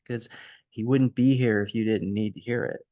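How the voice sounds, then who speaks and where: Gentle comforting psychic, as a man retells her. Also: fairly low pitch, fairly even intonation, moderate pace, no room sound, lo-fi sound, natural voice. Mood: soothing. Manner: soft, soothing, hushed retelling.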